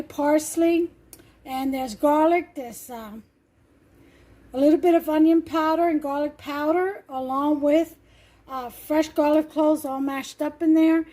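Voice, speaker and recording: High-voiced chatty woman cooking at home. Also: dark tone. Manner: chatty and rambling, laughs often. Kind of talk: casual cooking vlog chat. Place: home kitchen.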